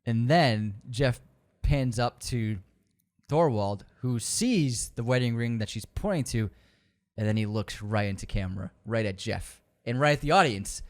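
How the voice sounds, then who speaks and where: A man co-hosting a podcast in casual film talk, excitedly retelling scenes and breaking into loud outbursts. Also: mid-range voice, measured pace. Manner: excitable, acts out scenes with sudden loud bursts. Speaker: podcast co-host.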